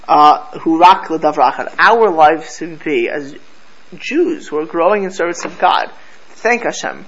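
A man's voice: on the high side, fairly bright tone, dull audio. A man teaching a Torah class to a live group, telling stories animatedly and mixing Hebrew and Yiddish terms into his English.

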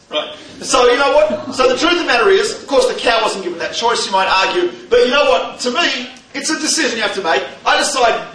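Brief: male lecturer, very high, bright voice, animated with rhetorical questions, recorded from far off in an echoey hall. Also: a little fast, few pauses. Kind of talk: humorous lecture to a live audience. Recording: echoey hall, distant mic, faint noise.

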